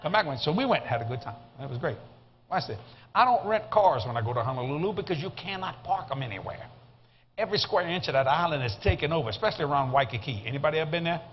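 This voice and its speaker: A man with a South Louisiana accent preaches in an animated, folksy storytelling style, with a fairly high voice for a man. He speaks at a church service, and the recording sounds slightly muffled. A faint hiss of noise sits underneath. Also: quick pace. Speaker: guest preacher. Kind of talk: sermon storytelling.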